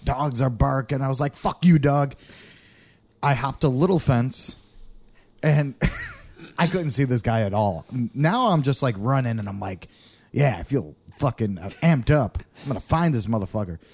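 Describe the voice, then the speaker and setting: A man's voice: mid-range voice, lively intonation, normal speed, a little mellow. A man co-hosting a podcast, telling a rowdy story in casual chat, swearing often and laughing through it. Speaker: podcast co-host.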